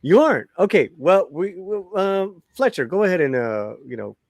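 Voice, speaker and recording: A man's voice: high-pitched, normal speed, creaky, dry recording. Guy hosting a podcast, voice swings up and down a lot, dry close sound, keeps laughing and repeating himself. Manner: animated, laughs often, repeats phrases. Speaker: podcast host. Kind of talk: casual chat.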